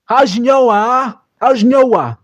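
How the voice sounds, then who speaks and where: A man's voice: very high-pitched, drawn-out words, no room sound, voice pushed up, exaggerated voice. A man putting on an impression of a brash, taunting male fighter. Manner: taunting, mocking.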